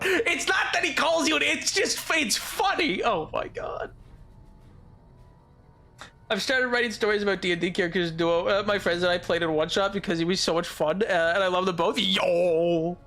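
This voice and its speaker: High bright-voiced excitable young man. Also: normal speed. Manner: excitable, rambling, laughs often. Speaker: streamer. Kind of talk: live game commentary.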